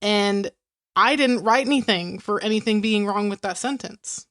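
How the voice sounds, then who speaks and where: A woman's voice: mid-range voice, normal speed, fairly bright tone, no room sound, clean studio sound. A woman with a Southern US accent, co-hosting a podcast in casual chat and telling stories with frequent laughter. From American South. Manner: chatty storyteller, laughs often. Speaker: podcast co-host.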